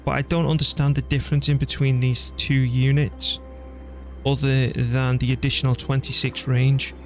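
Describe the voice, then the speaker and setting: A man streaming a strategy game, chatting casually and thinking out loud as he plays, laughing easily. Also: mid-range voice, level tone, normal speed, faint music behind. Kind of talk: casual gameplay commentary.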